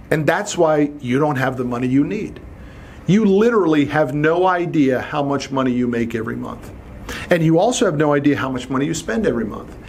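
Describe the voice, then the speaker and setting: A man's voice: a little high, slight background noise. A middle-aged man hosting a solo podcast, talking bluntly and with animation, swearing casually. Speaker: podcast host.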